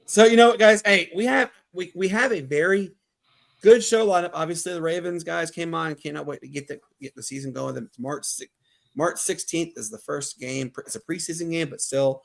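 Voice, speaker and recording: A man from Mobile, Alabama with a Southern accent, hosting a casual sports podcast and telling stories in an animated way, laughing often. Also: fairly high pitch, vocal fry. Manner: animated, laughing, quick asides. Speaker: podcast host. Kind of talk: casual chat, storytelling.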